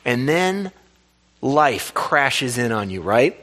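A pastor preaching a lively sermon, asking the congregation questions and laughing along. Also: male voice, mid-range voice, slow.

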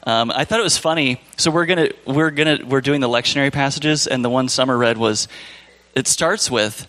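Guy doing church announcements, casual, rambling, mid pitch. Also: a little fast, fairly bright tone, a little hiss or hum. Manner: casual, rambling, loses his train of thought. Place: church sanctuary.

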